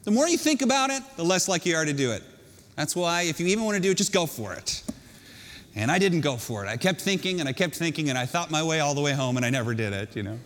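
Male pastor, high voice, animated storyteller, reverberant hall. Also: quick pace. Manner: storytelling, animated, self-mocking. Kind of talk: sermon.

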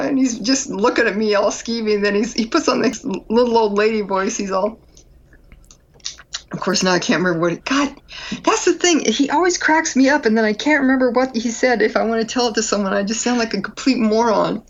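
A woman's voice: on the high side, a little fast. Chatty woman on a dull lo-fi line. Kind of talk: casual chat.

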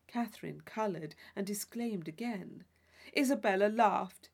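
A woman reading a classic novel aloud as an audiobook narrator, in a soft, measured manner. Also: medium pitch, vocal fry. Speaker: audiobook reader.

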